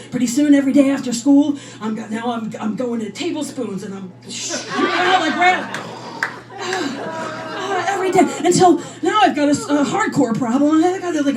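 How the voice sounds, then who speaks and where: Energetic woman doing stand-up. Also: high-pitched, recorded from a distance. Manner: energetic, animated storytelling. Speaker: stand-up comedian. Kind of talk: stand-up comedy.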